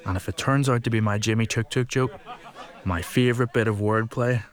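A man's voice: fairly low pitch, fairly even intonation, brisk, crowd noise. A man commenting on his own stand-up set, talking in a reflective, dry way.

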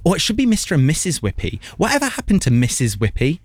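A man's voice: fairly high pitch, huge pitch swings, a little mellow, no echo, studio quality. A young man from Yorkshire with a Yorkshire accent, co-hosting a casual radio chat in a playful, jokey way. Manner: playful, jokey, quick asides. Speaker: radio co-host.

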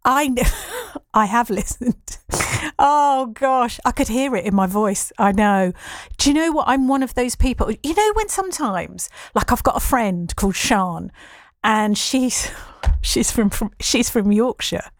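A woman's voice: fairly high pitch, expressive, measured pace, dry recording. A woman presenting a local radio show in a chatty, bubbly way, laughing often and poking fun at herself. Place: radio studio.

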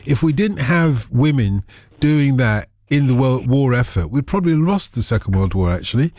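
A man's voice: mid-range voice, lively intonation, moderate pace, a little mellow, dry recording. Joking radio host, man. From Liverpool. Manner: playful, joking, puts on voices. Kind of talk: radio phone-in chat.

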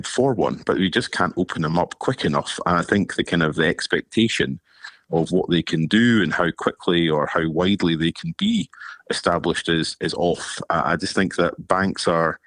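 A man speaks earnestly as a radio interview guest, often repeating words as he works through a point. His voice is very low. The sound is dry and close to the mic. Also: a bit bright, no echo. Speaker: charity policy director, interview guest.

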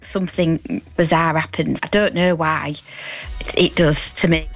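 A woman's voice: sits low, steady tone, measured pace. Woman, Hull accent, comedian guest, chatty, rambling, self-deprecating, faint background music. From Hull, England. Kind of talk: chatty radio interview.

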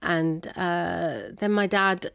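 A woman's voice: fairly low pitch, very slow, gravelly, clean tone, no echo, studio quality. A woman being interviewed, chattily retelling a family story and acting out the dialogue. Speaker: interview guest. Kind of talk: personal storytelling.

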